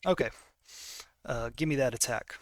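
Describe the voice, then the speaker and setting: A man's voice: mid-range voice, normal speed. A man narrating a tabletop game as game master, casual and full of fillers. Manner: casual, many fillers while reading rules.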